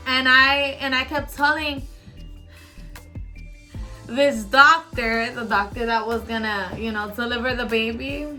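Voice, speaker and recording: A woman casually telling a birth story as a vlogger, animated and laughing often. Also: a little high, unhurried, long pauses, soft background music.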